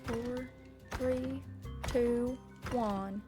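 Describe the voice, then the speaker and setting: A woman's voice: on the high side, fairly even intonation, drawn-out words, over music. A young woman chatting casually on a live stream, rambling and easily sidetracked while she plays.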